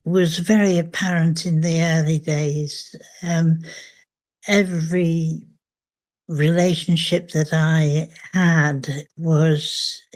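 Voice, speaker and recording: An older woman, a memoir author, speaking reflectively in an interview, thoughtful and hesitant with frequent pauses. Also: deep voice, a little mellow.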